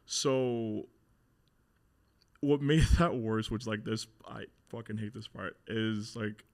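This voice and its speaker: A man's voice: on the low side, slow, darkish tone. Blunt, swearing man telling a story. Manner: blunt, swears a lot, acts out quotes. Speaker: guest. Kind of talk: candid storytelling interview.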